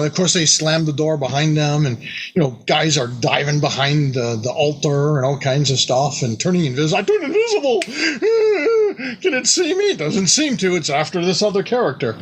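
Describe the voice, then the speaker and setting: A man telling an old tabletop game story in a casual, animated way, jumping into quick bits of the players' and the monster's voices. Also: a little high, a little hiss or hum.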